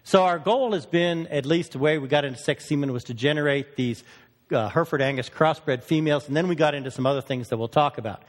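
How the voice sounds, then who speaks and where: A man's voice: fairly high pitch, long reverb tail. A man from the northern United States giving a folksy, joking conference talk as a cattle research station manager. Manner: fast-talking, folksy, joking.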